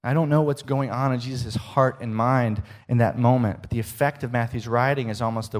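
A man preaching a sermon, slowing for emphasis and dropping to a hush at the ends of lines. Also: medium pitch. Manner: expressive, slows for emphasis and drops to a hush at line ends.

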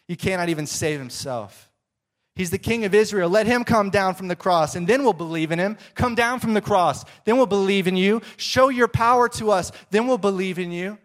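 Brief: a man playing a taunting mob, loud and high-pitched jeers. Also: normal speed, close to an everyday voice. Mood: mocking. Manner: taunting, shouted. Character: jeering mob mocking a condemned man.

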